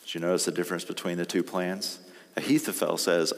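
A man's voice: low voice, fairly quick, gravelly. A man preaching a sermon, reading scripture aloud and pressing his points with rising emphasis. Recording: reverberant hall.

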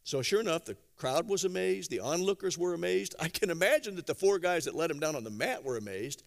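A man preaching a sermon, telling stories conversationally with gentle humor and acting out quotes. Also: on the high side, fairly quick, creaky. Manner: animated storytelling with acted-out quotes. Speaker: pastor.

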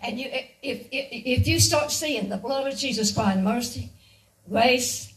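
A woman's voice: fairly high pitch, a little slow, far from the mic, low-quality recording. A woman giving a guest sermon, earnest and repetitive, often laughing lightly between her points. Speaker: guest speaker.

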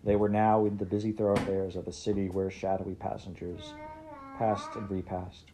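A woman reading a classic story aloud, steady and expressive. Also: extremely low pitch, moderate pace, a crowd in the background. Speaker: audiobook reader. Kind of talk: scripted narration.

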